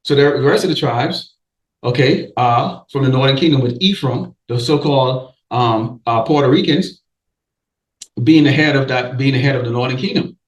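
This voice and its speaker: A man's voice: medium pitch, normal speed, reverberant, rough recording. A man preaching a warning sermon, emphatic, often stopping to say okay and restarting his sentences. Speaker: street preacher.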